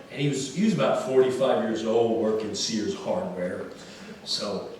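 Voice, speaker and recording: Male stand-up comic telling a story live, boomy echoey venue heard from a distance. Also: slight background noise. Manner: animated, laughing as he tells it. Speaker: stand-up comedian. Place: live concert venue stage.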